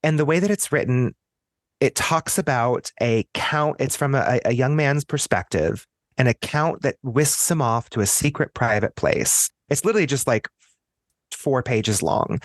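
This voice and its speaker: An American man with a mid-range voice chats as a podcast guest, thinking aloud and often circling back to restart his sentences. He's animated and speaks at normal speed, recorded close and dry with no room sound.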